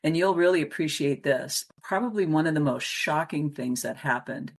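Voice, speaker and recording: Her voice sits low and moves at a moderate pace. As a guest in a conversational interview, this middle-aged Wisconsin coach animatedly recounts life stories, performing the voices of the characters in them.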